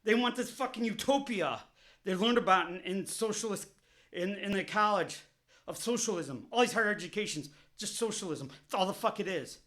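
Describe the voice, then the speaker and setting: A man's voice: high-pitched, fairly quick, a bit bright. A man delivering an angry, profanity-laced political rant on his vlog, heated and repetitive, openly furious. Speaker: vlogger.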